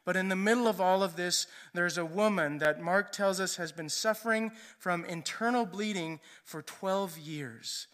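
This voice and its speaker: Brief: a higher-pitched man preaching, chatty storytelling sermon. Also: moderate pace, few pauses, a bit bright. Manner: conversational storytelling, often asks "right?".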